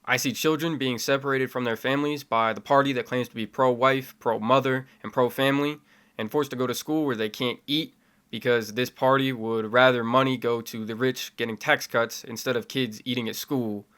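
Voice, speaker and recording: A young man with a middle-pitched voice speaks straight to his camera in a self-made video essay. His delivery starts measured and builds into fiery, impassioned conviction. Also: fairly even intonation, fairly bright tone, clean tone. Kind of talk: spoken opinion essay to camera.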